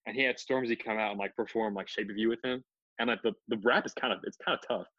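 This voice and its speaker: A man's voice: fairly low pitch, fairly even intonation, quick pace, fairly bright tone. A young man co-hosting a podcast, chatting casually with lots of fillers and frequent laughter. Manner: filler-heavy, laughing often. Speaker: podcast co-host. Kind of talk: casual chat. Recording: dull, dry lo-fi sound.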